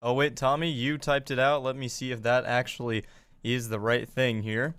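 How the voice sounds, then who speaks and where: A man's voice: mid-range voice, little pitch movement, normal speed, fairly bright tone, smooth, dry recording. A man working as producer on a live show, patiently and cheerfully calling on listeners. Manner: patient, upbeat, repeats prompts. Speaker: show producer taking callers. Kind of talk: live call-in moderation.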